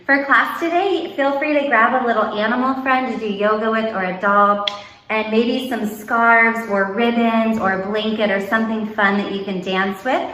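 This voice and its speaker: A woman guiding a playful yoga class for young children, giving gentle, sing-song instructions. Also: a little high, fairly even intonation, moderate pace. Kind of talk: guided kids' yoga class. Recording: roomy echo with music behind. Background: background music.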